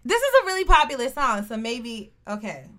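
A woman's voice: fairly high pitch, very animated, a little fast, a bit bright. A young woman co-hosting a casual chat with friends, joking and rapping along to song lyrics. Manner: playful, profane, rapping lyrics. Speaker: podcast co-host.

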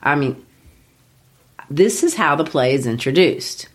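A woman's voice: sits low, expressive, measured pace, slightly rough. A woman co-hosting a podcast, casually and enthusiastically explaining a play, tapping out rhythms aloud as she talks. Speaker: podcast co-host. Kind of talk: casual explanatory chat about literature.

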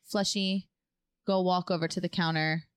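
A young woman co-hosting a podcast, telling a story in a casual, animated way and acting out the quotes. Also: moderate pace, clean tone, no echo, clean studio sound. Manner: animated, acts out quotes with big pitch jumps. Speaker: podcast co-host.

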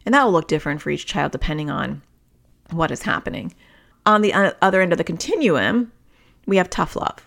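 Woman podcast host, therapist type: low, gravelly, conversational explainer. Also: expressive, fairly quick, fairly bright tone. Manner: conversational, explains through everyday examples. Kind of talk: casual solo podcast talk.

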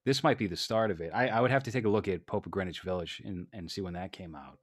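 Man, low voice, blunt, profane, casual movie talk. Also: quick pace, a little hiss or hum. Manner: blunt, profane, acts out characters in quotes. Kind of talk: casual movie review chat.

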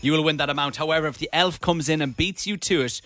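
A man's voice: on the high side, bright, forceful tone, no echo, faint music behind. An Irish man hosting a radio show, bantering playfully and teasing his co-host. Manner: playful, jokey, quick to tease.

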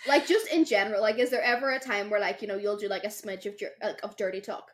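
A woman's voice: medium pitch, fast talker. A young woman co-hosting a casual podcast chat, telling stories animatedly and acting out quotes, with lots of "like". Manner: animated storytelling, acts out quotes, says "like" a lot. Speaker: podcast co-host.

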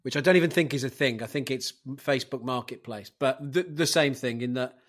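A man's voice: medium pitch, fairly quick. A man hosting a casual podcast chat, swearing and telling rambling anecdotes. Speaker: podcast host running the segment.

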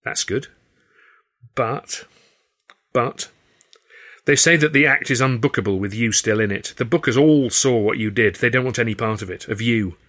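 A man's voice: mid-range voice, normal speed, long pauses, fairly bright tone, lightly acted. A man voicing a downcast comedy partner who speaks hollowly and mournfully.

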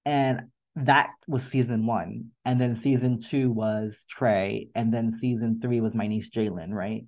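A man's voice: mid-range voice, fairly even intonation, a little slow, darkish tone, rough recording. A man as a podcast guest, talking in an earnest, reflective way and often repeating words as he gathers his thoughts. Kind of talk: emotional interview conversation.

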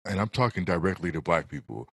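Deep-voiced man speaking earnestly. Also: big pitch swings, quick pace, creaky, breathy edge, dry recording. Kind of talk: casual podcast conversation.

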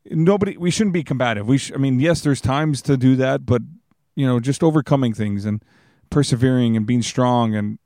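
A man's voice: medium pitch, a little mellow, dry recording. A man hosting his own podcast, talking in a casual, rambling, earnest way close to the microphone. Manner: rambling, earnest, many restarts and fillers. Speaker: podcast host. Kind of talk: casual solo podcast monologue.

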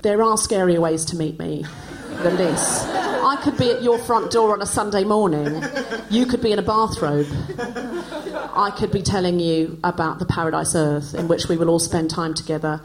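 Now her voice sits fairly low and sounds animated at a normal speed, as the fortyish Australian woman hosts her podcast live on stage. She works through a wry, self-mocking stand-up monologue with a crowd audible behind her, in a rough recording.

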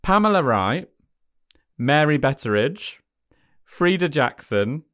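A man's voice: on the high side, very animated, slow, fairly bright tone. A man co-hosting a podcast, reading a news story aloud with dry jokes and small stumbles. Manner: dry, wry asides, stumbles while reading. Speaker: podcast co-host.

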